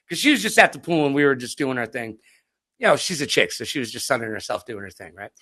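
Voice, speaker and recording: American guy hosting a chat, high bright voice, jumps all over the place telling stories. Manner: animated storyteller, acts out quotes loudly. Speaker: interview host. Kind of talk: casual interview chat.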